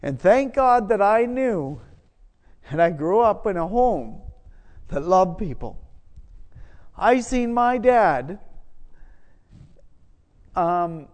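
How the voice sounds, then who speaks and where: High-voiced preacher in a reverberant hall. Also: male voice, big pitch swings, slow, long pauses. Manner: conversational, self-deprecating, rising to loud emphasis. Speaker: pastor. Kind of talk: sermon.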